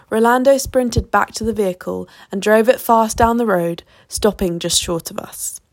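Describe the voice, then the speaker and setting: A woman narrates her own travel adventure in a measured, vivid way. Her voice has a gravelly, creaky texture and a mid pitch. The recording is dry and close. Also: dry recording. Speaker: storyteller. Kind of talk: narrating a personal travel story.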